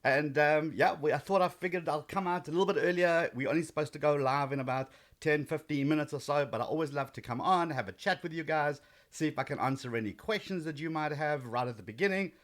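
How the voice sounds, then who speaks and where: A man's voice: a little high, quick pace, a bit bright. Chatty man hosting a live stream. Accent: South African. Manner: chatty, greets viewers by name, frequent ums. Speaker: live stream host and trainer. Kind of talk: casual live stream chat.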